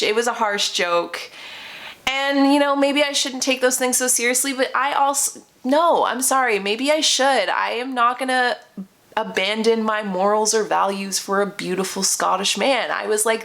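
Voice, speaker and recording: A woman's voice: a little high, normal speed. Chatty woman telling a dating story. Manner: chatty, animated, lots of fillers and self-corrections. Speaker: vlogger. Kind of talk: casual storytelling.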